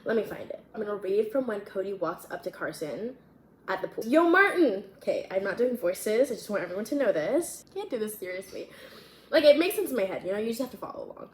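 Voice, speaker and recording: A woman's voice: medium pitch, expressive, quick pace, mellow. A woman vlogger chatting casually and rambling about her young adult novel, filling her sentences with "like". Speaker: vlogger and writer. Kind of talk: casual chat, reading her own fiction. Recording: echoey room, faint ambience.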